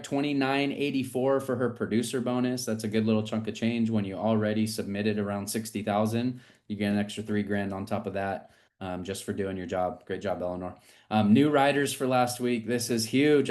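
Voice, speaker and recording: An upbeat man runs a team call. He reads out names and numbers and cheers each person on with plenty of energy. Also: lowish voice. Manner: energetic, hypes people up. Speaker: agency leader hosting a team call. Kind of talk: upbeat team meeting shout-outs.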